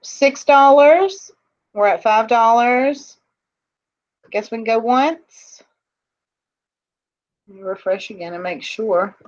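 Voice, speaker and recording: A woman co-hosts a casual jewelry auction on a live stream, chatting and laughing as she reads out viewers' comments. Her voice is fairly high, she speaks slowly with long pauses, and the sound is lo-fi.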